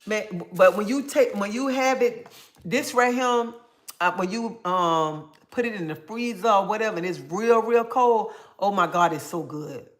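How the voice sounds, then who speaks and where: An older woman hosting a casual livestream, reading viewer comments aloud and telling stories in a chatty, animated way. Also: medium pitch, measured pace. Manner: chatty, animated storytelling with bursts of excitement. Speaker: livestream host.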